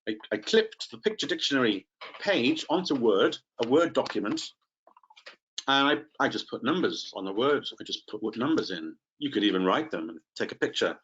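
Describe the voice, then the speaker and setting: A man's voice: medium pitch, very animated, normal speed, fairly bright tone, breathy edge, highs cut off. A man training teachers in a live online webinar, chatty and playful, calling on participants by name.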